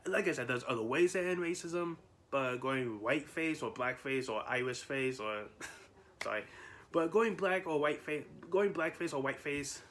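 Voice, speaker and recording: A man's voice: medium pitch, fairly bright tone. A man vlogging in casual chat, rambling with frequent laughs, restarts and fillers.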